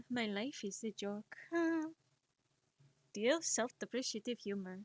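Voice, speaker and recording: A woman's voice: on the high side, slow, pauses often, no echo. A young woman with a Spanish accent, chatting casually on a stream while she draws, rambling and poking fun at herself. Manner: rambling, self-deprecating, laughs often.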